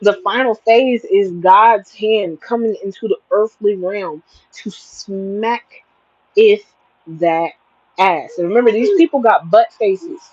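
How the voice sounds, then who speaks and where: A woman's voice: medium pitch, slow pace, darkish tone, no echo. Woman tarot reader, preachy and emphatic, on a livestream; dry, muffled lo-fi audio. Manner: emphatic, preachy, plain-spoken. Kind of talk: spiritual livestream reading.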